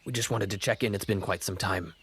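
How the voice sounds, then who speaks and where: A dutiful ship captain with a low voice, as a game master puts him on. He speaks in a formal, measured way, checking in over a magic stone. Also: fairly even intonation, a bit bright, husky. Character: gruff male ship captain, calm and dutiful.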